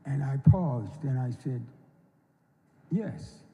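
A man's voice: fairly high pitch, dark tone. Older man telling stories on stage. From North Carolina, US. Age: 70s. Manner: unhurried, folksy, acts out quoted voices. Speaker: speaker at an induction ceremony. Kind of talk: storytelling speech on stage. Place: large hall. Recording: long reverb of a large hall.

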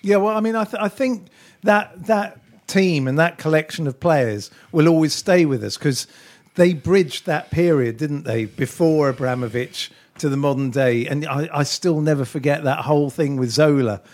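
A man's voice: on the high side, moderate pace, darkish tone. A man hosting a casual football podcast chat, talking in a chatty way. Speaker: podcast host.

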